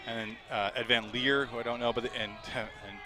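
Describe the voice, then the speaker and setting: A man doing live play-by-play commentary, chatty and quick to laugh, with an outdoor crowd behind him. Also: mid-range voice, fairly even intonation, bright, forceful tone.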